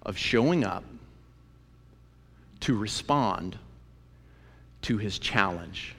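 A man's voice: lowish voice, expressive, very slow, vocal fry, fairly bright tone, breathy edge. A man teaching a sermon on a Bible book, emphatic and conversational, repeating phrases for effect as he retells the story. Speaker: preacher. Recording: long reverb of a large hall.

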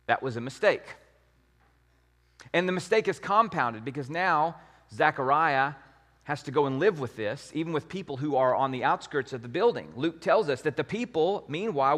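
A man's voice: a little high, fairly bright tone, big-room sound. A man preaching a sermon as pastor, in a conversational, emphatic way with many rhetorical questions.

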